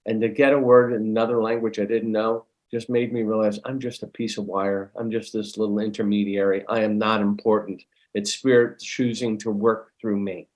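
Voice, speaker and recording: A middle-aged man, a guest medium, telling a story in an animated, conversational way. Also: lowish voice, normal speed, hardly any pauses.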